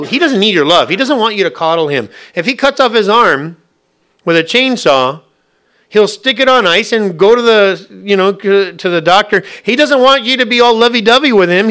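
Bright-voiced man preaching to a congregation. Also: high voice. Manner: conversational preaching with rhetorical questions to the congregation. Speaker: pastor. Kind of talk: sermon.

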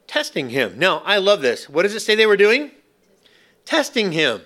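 Bright, high-voiced man preaching. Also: huge pitch swings. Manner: preaching with slow emphatic phrasing and playful asides. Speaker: pastor. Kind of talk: sermon. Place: church.

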